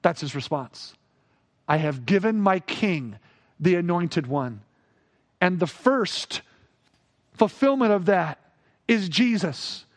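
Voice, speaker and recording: A man with a notably high voice preaches a sermon. He acts out quoted speech and climbs higher and louder when he presses a point. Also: slow, pauses often. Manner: expressive preaching, acts out quoted voices, rises in pitch for emphasis. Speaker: pastor.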